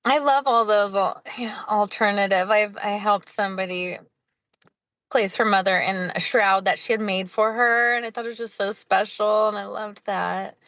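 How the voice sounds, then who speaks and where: A woman's voice: medium pitch, fairly even intonation, normal speed, fairly bright tone, dry recording. A woman who hosts a podcast and works as a hospice nurse, chatting casually and laughing often. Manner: chatty, with frequent laughs and fillers. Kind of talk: casual interview chat.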